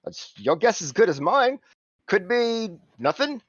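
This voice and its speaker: A man's voice: sits high, big pitch swings, unhurried, fairly bright tone, dry recording, highs cut off, voice pushed up, exaggerated voice. A man putting on a cheeky lizard-man fixer. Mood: haggling. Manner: cheeky, wheedling, haggling. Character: brash punk lizard-man fixer, green-skinned and frilled.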